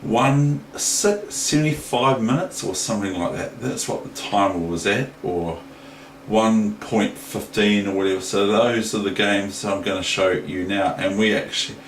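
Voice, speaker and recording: A man with a New Zealand accent rambles through a casual chess lesson, hesitant and unstructured. He speaks slowly in a lowish voice. The room is echoey with faint noise. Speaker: chess teacher.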